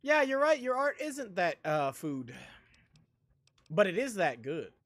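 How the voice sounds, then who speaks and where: A man's voice: high voice, big pitch swings, measured pace, fairly bright tone, dry recording, clean studio sound. A man streaming a game live, rambling casually and talking with his chat in a self-deprecating way.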